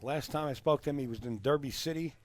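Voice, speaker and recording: A man's voice: a little high, quick pace. A man doing casual live commentary on a pool match, chatting and answering viewer comments.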